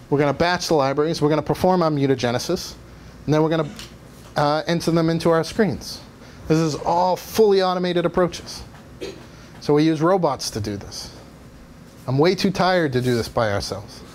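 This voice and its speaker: Man lecturing on science, slightly high voice. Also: a little mellow. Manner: explanatory, asks audience questions, some fillers. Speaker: guest lecturer. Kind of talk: academic lecture. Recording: faint background noise.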